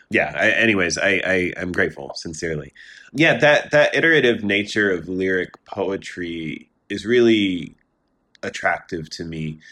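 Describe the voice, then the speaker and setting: A male poet talking thoughtfully in an interview, searching for words, then reading his own poem slowly. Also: low-pitched, fairly bright tone. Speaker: poet guest. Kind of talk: interview talk and poetry reading.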